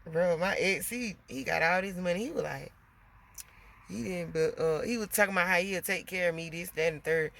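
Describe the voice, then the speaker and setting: A woman's voice: fairly low pitch, normal speed, gravelly, a bit bright. A woman with young kids venting casually to her viewers, swearing freely and calling them y'all. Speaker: vlogger.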